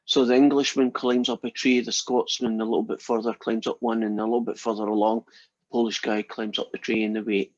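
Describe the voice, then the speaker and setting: A man's voice: mid-range voice, flat delivery, brisk, no room sound, muffled recording. A male math instructor lecturing casually and telling a long joke to his class in a chatty, storytelling way.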